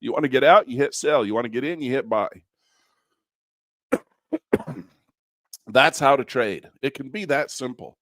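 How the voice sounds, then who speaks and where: A man's voice: mid-range voice, expressive, a little slow, pauses often, fairly bright tone, dry recording, clean studio sound. A man teaching a live online trading class, coaching in a folksy, repetitive way and chuckling now and then. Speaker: trading instructor.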